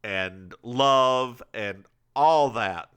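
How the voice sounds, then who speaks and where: A man's voice: mid-range voice, drawn-out words, fairly bright tone, smooth. A man co-hosting a podcast, recapping a TV episode in casual, rambling, stop-start chat. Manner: says he is bad at accents. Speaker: podcast co-host.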